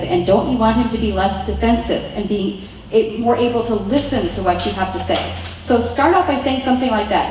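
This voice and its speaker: Woman, slightly high voice, earnest chatty teaching talk, very echoey room, distant mic. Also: fairly quick, darkish tone, slight background noise. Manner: earnest and chatty, slips into quoted dialogue. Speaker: speaker teaching wives. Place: meeting room.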